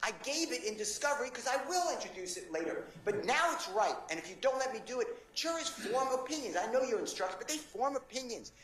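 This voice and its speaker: A man's voice: very high voice, expressive, a little fast, hardly any pauses, fairly bright tone. A male defense attorney arguing insistently and passionately before a judge in a courtroom. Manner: impassioned, insistent, pleading. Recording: echoey courtroom with faint ambience.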